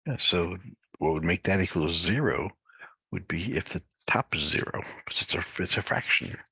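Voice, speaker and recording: Low gravelly man muttering through math solutions. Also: lively intonation, bright, forceful tone, dry recording, highs cut off. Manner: thinking aloud, halting and muttered. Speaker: math instructor. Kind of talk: working through homework solutions.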